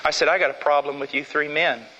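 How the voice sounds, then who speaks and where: A middle-aged man delivers a sermon with emphatic force, dropping into hushed intensity before rising again. His voice sits high and sounds bright and sharp. The sound carries a long, ringing church reverb. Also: fairly even intonation, fast talker, lo-fi sound, slight background noise. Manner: emphatic, dramatic swings between loud and hushed. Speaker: preacher. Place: church sanctuary.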